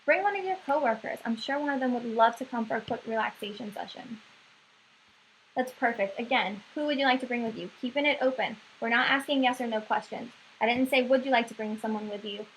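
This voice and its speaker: A woman's voice: a little high, fairly even intonation, fairly quick, a bit bright, a little hiss or hum, low-quality recording. A woman giving a staff sales training talk, coaching and often checking in with "right?".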